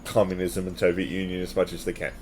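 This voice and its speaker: A man's voice: sits low, monotone, fast talker. Man ranting in casual podcast chat. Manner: emphatic, opinionated ranting. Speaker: podcast co-host.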